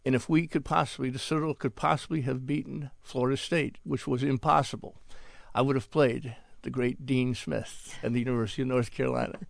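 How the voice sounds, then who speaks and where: A man's voice: medium pitch, steady tone, fairly quick, vocal fry, few pauses, no echo. An older man and author, reading his own prose and then chatting on a radio call-in show in a wry, self-deprecating way. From American South. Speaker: guest author. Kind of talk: reading aloud and radio interview chat.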